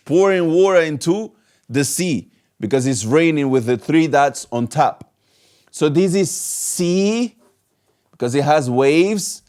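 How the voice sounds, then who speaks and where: A man teaching a beginner lesson, drawing out and repeating each letter sound slowly for learners. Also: fairly high pitch. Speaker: Arabic teacher. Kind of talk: slow step-by-step language lesson.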